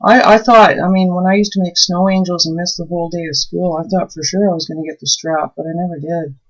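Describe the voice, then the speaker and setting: A woman who makes soap and hosts a channel chats casually as she works, telling stories and delighting easily. Her voice is on the low side, with a steady tone and quick pace, and the recording sounds dull and muffled.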